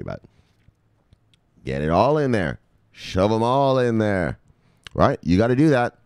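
A crypto video host with a very low voice delivers a crude, joking mock sermon about crypto, swooping up and down in a sing-song way. He's unhurried and pauses often, sounding a little mellow, and the dry, close recording has no room echo.

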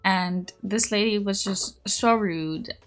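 A young woman streaming, chatting casually and rambling through a story, with high squeals when she greets viewers. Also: slow pace, soft background music. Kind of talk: casual chat.

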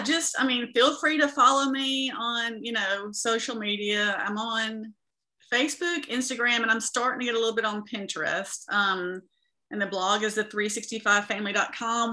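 A woman's voice: medium pitch, bright, forceful tone. A woman guest in an interview, sharing her faith story in an earnest, preaching manner.

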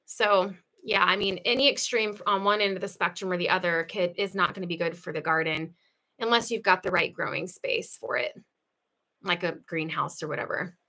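Woman livestream host, bright voice, casual chat, laughs easily. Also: fairly low pitch, fairly quick. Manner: chatty, laughs often, lively asides. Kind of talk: casual livestream chat, reading viewer comments. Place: home.

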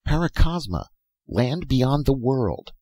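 A man's voice: medium pitch, very animated, takes it slowly, a little mellow, no echo, voice pushed up. A man voicing a bewildered young man. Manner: puzzled, questioning.

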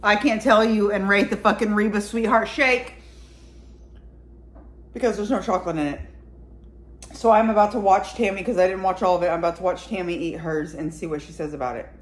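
A woman's voice: medium pitch, fairly even intonation, fairly quick. A woman talking casually to her viewers in a mukbang vlog, tasting food and swearing freely. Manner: chatty, swears freely, talks between bites. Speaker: vlogger.

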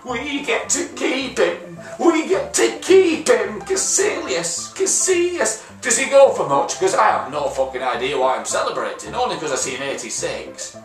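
A young man commentating a game pack opening, excitable and sweary, yelling and groaning at each result. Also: fairly high pitch, recorded from a distance. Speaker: gaming YouTuber. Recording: roomy echo, voice a bit off-mic, faint music.

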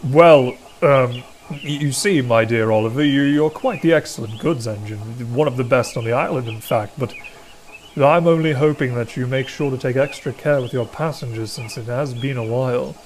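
A man's voice: mid-range voice, normal speed, slight background noise, lightly acted. A man doing a pompous, stammering big engine. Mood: flustered. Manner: stammering, flustered and grandly formal. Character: pompous big male express steam engine.

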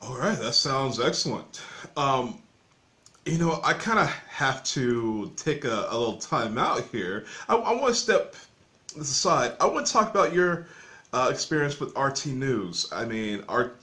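Bright-voiced male interview host. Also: mid-range voice, sing-song. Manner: halting, with fillers and restarts, eager. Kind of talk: casual interview questions.

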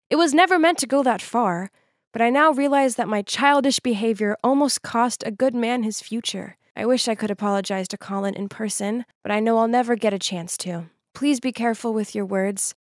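A woman narrating an animated story in a scripted, earnest first-person style. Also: a little high, no room sound, clean studio sound.

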